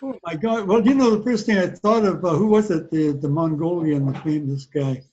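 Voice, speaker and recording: Older father figure, folksy and relaxed, higher-pitched voice, muffled lo-fi audio. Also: normal speed. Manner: easygoing, folksy, laughs often. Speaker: father of the host. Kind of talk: casual family chat. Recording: dull lo-fi sound.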